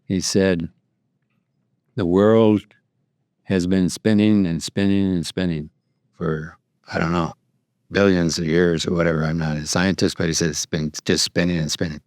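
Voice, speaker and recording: A man's voice: low voice, steady tone, unhurried, long pauses, darkish tone, dry recording, studio quality. A middle-aged man, a priest, telling a personal story at a luncheon in a rambling, anecdotal way with many fillers and restarts. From United States. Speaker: priest and guest speaker.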